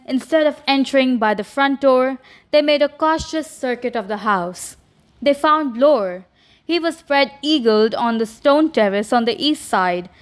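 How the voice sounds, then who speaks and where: A woman narrating an audiobook in a measured, deliberate way. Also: high voice, clean tone.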